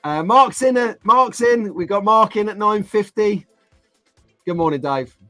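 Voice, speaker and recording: A man's voice: high-pitched, expressive, a little slow, sharp tone, no room sound, soft background music. A man hosting a casual live stream, reading out viewer comments and joking along with the chat. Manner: chatty, jokey, reads out viewer comments.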